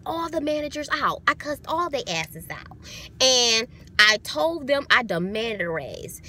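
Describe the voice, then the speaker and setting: Blunt, profane woman venting in a vlog. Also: sits high. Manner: blunt, profane, animated storytelling. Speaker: vlogger. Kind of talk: casual vlog rant.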